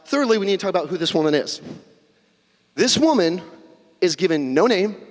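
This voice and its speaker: A young man preaching a casual, conversational sermon in a church, with joking asides and little acted-out quotes. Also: high-pitched. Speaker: pastor. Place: church sanctuary. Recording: long hall reverb.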